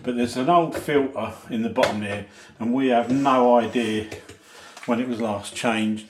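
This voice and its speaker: A man calmly explaining a plumbing job in casual chat. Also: mid-range voice, a little slow. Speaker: vlogger's partner. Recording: echoey room, faint noise.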